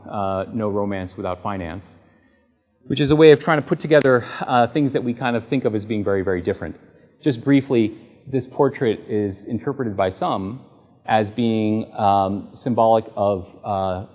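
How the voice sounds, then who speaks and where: A man's voice: on the low side, a little mellow, in a large hall. A middle-aged man giving a public lecture, telling personal stories in a conversational way and acting out bits of dialogue, with frequent fillers. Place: large lecture hall.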